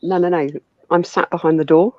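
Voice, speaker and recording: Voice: mid-range voice, little pitch movement, fairly quick, a crowd in the background. A guest in casual livestream chat, blunt and dry-humored. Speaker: stream guest. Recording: muffled lo-fi call audio.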